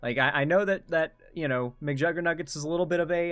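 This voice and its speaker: A man's voice: a little high, fast, fairly bright tone, clear, resonant tone, faint music behind. A man hosting a casual reaction commentary, blunt and swearing, rambling with restarts. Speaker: commentary host.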